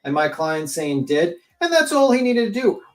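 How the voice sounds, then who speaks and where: A man's voice: high-pitched, sing-song, moderate pace. A man co-hosting a casual livestream, talking in a blunt, profane, exasperated way. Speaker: co-host.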